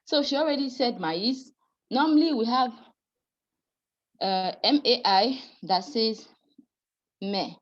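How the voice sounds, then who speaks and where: A woman's voice: a little high, unhurried, pauses often, muffled recording. A woman teaching French pronunciation in an online class, patient and apologetic, often laughing and calling students dear.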